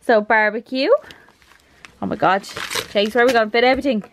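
A woman with an Irish accent vlogging an unboxing at home, rambling and gushing with excitement. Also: fairly high pitch, brisk, noisy background. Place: her apartment.

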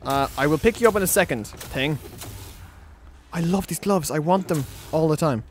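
A young man giving let's play commentary on a game, excitable and rambling, often talking sarcastically to the characters on screen. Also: a little high, normal speed, slight background noise. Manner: rambling with frequent restarts. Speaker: gaming channel host.

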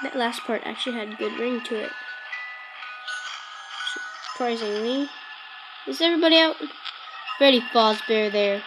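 A woman's voice: fairly high pitch, unhurried, pauses often, loud music behind the voice, rough recording. A woman commenting on a game as she plays, chatting, humming and jokingly insulting the characters. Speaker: gameplay commentator. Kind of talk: let's-play commentary.

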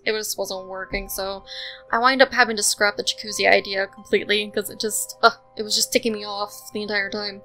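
Narrating a speed build in The Sims, this young woman chats casually and loosely, her speech peppered with fillers like "um" and "like." Her mid-range voice sounds pushed and bright on a low-quality recording.

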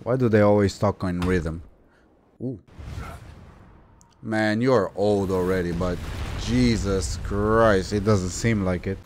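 A man giving casual gameplay commentary, slangy and playful, breaking into loud excited yelps and exclamations. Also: on the low side, slow pace, long pauses, slight background noise. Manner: slangy, playful banter at the game. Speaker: gaming YouTuber.

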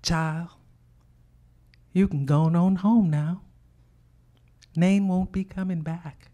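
A soothing older aunt speaks low and gently, as a woman storyteller voices her. Her slow, comforting words come close to the teller's own voice. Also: fairly even intonation. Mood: gentle.

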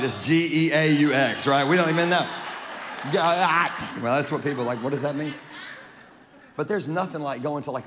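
A man from Louisiana preaching a sermon as pastor, animated and joking, with crowd banter. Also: on the high side, slight background noise. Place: large church auditorium. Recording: long reverb of a large hall.

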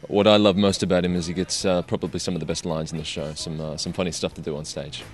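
Low, hesitant-sounding male actor. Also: level tone, quick pace, soft background music. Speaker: stage actor. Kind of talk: casual backstage interview.

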